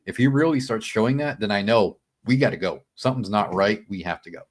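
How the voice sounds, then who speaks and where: A man telling a story as a podcast guest in casual chat, animated, acting out his own quotes and peppering talk with "man" and "dude". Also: lowish voice, fast, slightly rough.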